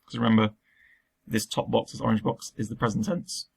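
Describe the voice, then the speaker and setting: Gravelly-voiced male teacher, flat delivery. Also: mid-range voice, a little fast. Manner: patient, explains step by step with many ums. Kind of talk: recorded remote lesson walkthrough.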